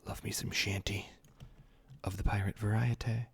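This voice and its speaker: A man's voice: fairly low pitch, flat delivery, moderate pace, vocal fry, husky. A man streaming a building game, chatting casually with viewers and muttering to himself in a self-mocking way. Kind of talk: casual livestream chat while building.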